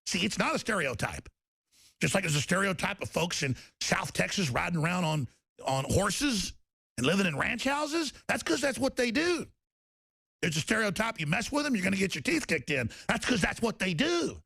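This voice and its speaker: Man, angry ranting talk show host, super gravelly, kinda high-pitched. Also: big pitch swings, normal speed, bright, forceful tone, dry recording, clean studio sound. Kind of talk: political talk show rant.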